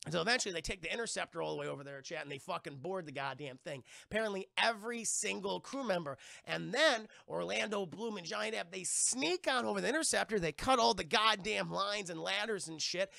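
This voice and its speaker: Streamer guy ranting through a movie recap, bright tense tone, lots of fry. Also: high voice, lively intonation, a little fast, hardly any pauses, no room sound, clean studio sound. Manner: rambling and profane. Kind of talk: casual movie recap to a chat.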